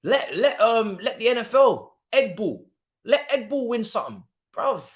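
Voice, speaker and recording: A man's voice: very high-pitched, unhurried. A man, hosting a football watchalong stream and ranting to mock the rival fans. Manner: animated, mocking rival fans.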